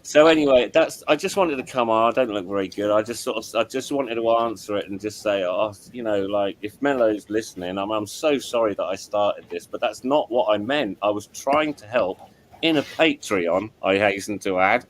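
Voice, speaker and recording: A man's voice: lowish voice, normal speed, slight background noise. A middle-aged man, hosting a casual chat as an audio engineer, rambling and apologetic with many restarts. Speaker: show host and audio engineer.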